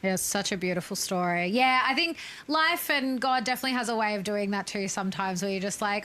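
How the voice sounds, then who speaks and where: A woman co-hosting a podcast, asking searching questions gently with many fillers. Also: medium pitch, fairly quick, few pauses. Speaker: podcast co-host. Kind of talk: casual podcast conversation.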